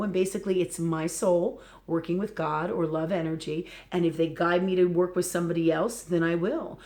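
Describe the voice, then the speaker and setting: A woman's voice: lowish voice, steady tone, a little fast, few pauses, a little mellow. A woman spiritual teacher giving a live talk, earnest and repetitive, often checking in with "okay" and "right".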